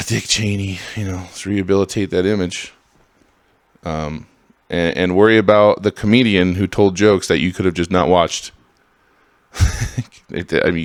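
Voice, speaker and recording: A man hosting a podcast in a casual, heated monologue, swearing freely and swinging between loud outbursts and low mutters. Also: dry recording, clean studio sound. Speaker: podcast host.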